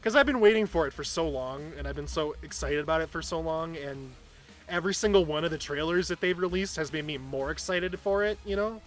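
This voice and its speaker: A man's voice: fairly high pitch, a little fast, soft background music. Chatty man streaming, rambling on. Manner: chatty, rambling, self-deprecating. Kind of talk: casual chat while gaming.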